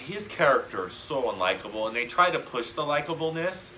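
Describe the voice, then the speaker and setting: A man's voice: medium pitch, big pitch swings, a little fast, pushed and bright, a little hiss or hum. A man ranting in a casual chat as a podcast guest, swearing and laughing often.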